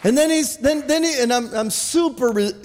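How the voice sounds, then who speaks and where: A man preaching a sermon as pastor, animated, often stumbling over and repeating words and calling out for amens. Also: very high-pitched, moderate pace, big-room sound, a faint crowd.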